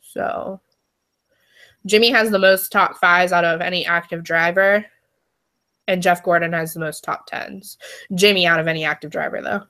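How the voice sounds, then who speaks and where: A young woman co-hosting a casual chat show, animated and teasing. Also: lowish voice, moderate pace, long pauses. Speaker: podcast co-host.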